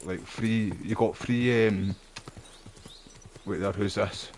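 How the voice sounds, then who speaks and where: A man's voice: on the low side, fairly even intonation, slow pace, background noise. A Scottish man streaming live gameplay, rambling in a chatty way and swearing casually. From Scotland.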